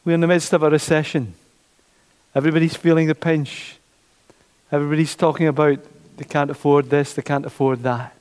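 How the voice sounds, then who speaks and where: Preacher guy, animated, keeps repeating himself, fairly high voice, long echo in the church. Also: brisk, smooth. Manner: animated, repeats phrases, acts out voices of doubters. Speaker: pastor. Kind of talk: sermon.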